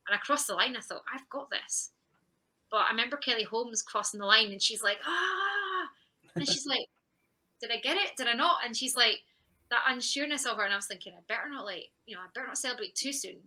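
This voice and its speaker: A woman guest on a podcast, relaxed and chatty. Her voice is very bright and sharp. She tells her story with animation and slips into her own past thoughts as she goes. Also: mid-range voice, poor audio. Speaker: guest, champion sprinter. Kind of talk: conversational podcast interview.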